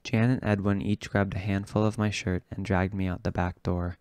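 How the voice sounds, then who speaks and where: A man reading a novel aloud in a steady, low-key way. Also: normal speed, smooth, no echo. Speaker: audiobook reader.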